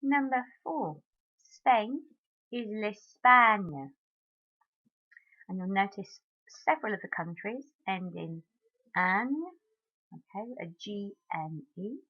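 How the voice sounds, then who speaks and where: A woman French teacher talking her class through marking answers in a recorded lesson, modelling each French word clearly. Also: medium pitch, expressive, slow pace, muffled recording.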